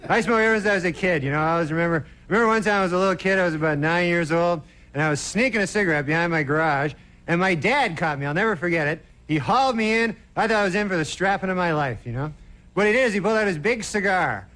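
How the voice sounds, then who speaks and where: A man doing a stand-up comedy routine on a late-night TV stage, deadpan and rambling, full of "you know" fillers. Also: sits high, fast. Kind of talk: stand-up monologue. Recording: noisy 1990 TV broadcast audio.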